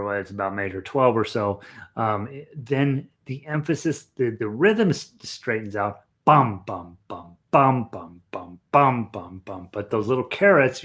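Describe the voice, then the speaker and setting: A man leading a casual live ukulele lesson, talking in a rambling, chatty way full of fillers and restarts. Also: on the low side. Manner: sings rhythms with "bum" syllables. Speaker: ukulele teacher.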